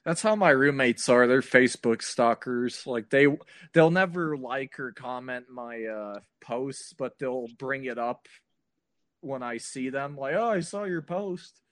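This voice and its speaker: A man hosting a podcast in casual chat, agreeable and quick to laugh loudly. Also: mid-range voice, no room sound. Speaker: podcast host.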